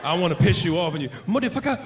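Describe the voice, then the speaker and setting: A man's voice: sits high, very animated, rapid-fire, heavy background noise. Brash, profane stand-up comedian man. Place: comedy stage before a live audience. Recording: live club mic, crowd laughter.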